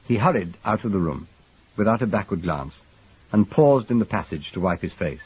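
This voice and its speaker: A man reads a detective novel aloud in a measured, expressive way. His voice is low and husky, with lively rises and falls in pitch. The recording is dull and lo-fi. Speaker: narrator. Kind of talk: scripted audiobook narration.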